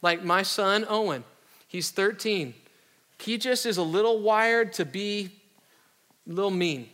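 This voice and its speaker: A man's voice: high voice, unhurried, a bit bright. A middle-aged man from Iowa preaching a sermon as a pastor, conversational and joking, with casual slang. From Iowa, USA. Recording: reverberant hall.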